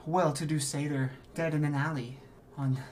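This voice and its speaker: A man's voice: a little high, steady tone, normal speed, darkish tone, a little hiss or hum, close to an everyday voice. A man voicing a middle-aged mother grieving her husband, stammering and breathless through tears. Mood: anxious grief.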